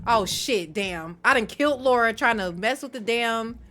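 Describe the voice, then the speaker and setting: A woman's voice: on the high side, lively intonation, normal speed, background noise. Chatty woman streamer talking to chat. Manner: chatty, talks to chat, swears casually. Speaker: gaming streamer. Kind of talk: live gameplay commentary. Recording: game music under voice. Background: game music.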